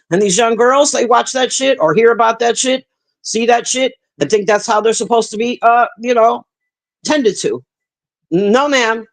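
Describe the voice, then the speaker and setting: Blunt, profane woman ranting on stream. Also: fairly high pitch. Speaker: livestreamer reading chat. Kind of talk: casual livestream rant.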